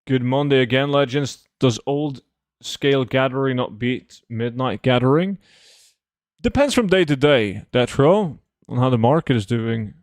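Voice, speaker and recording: Young dude streaming games, chatting w chat, cursing n rambling, dry close sound, unhurried. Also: male voice, mid-range voice, no room sound. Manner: loose, profane, rambling with many fillers. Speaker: game streamer. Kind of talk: casual livestream chat, reading chat messages.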